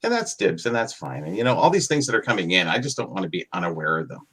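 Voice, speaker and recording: A man's voice: deep voice, very animated, quick pace, a bit bright, slightly rough. A man chatting casually on a podcast, rambling and self-deprecating.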